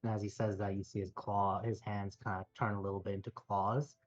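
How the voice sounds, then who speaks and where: A man narrating as game master of a tabletop role-playing game, laughing often and slowing down for gentle in-character speeches. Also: lowish voice, flat delivery, highs cut off, soft background music.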